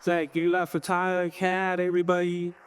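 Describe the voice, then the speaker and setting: A man's voice: sits high, monotone, a little fast, slight background noise. A man emceeing a comedy show, calling up comics and bantering casually with the audience. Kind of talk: stand-up hosting.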